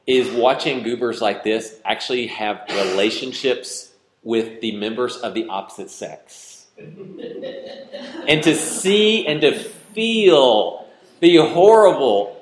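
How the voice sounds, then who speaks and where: A pastor with a mid-range voice and lively intonation preaches slowly in a church hall before a congregation, the recording echoey. His sermon is conversational, and he teases the congregation with questions.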